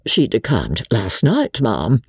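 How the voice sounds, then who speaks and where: A woman's voice: very deep voice, wildly swooping pitch, takes it slowly, breathy edge, no room sound, clean studio sound, voice pushed down, exaggerated voice. A woman voicing a scheming, sanctimonious middle-aged woman in a prim, meddling tone.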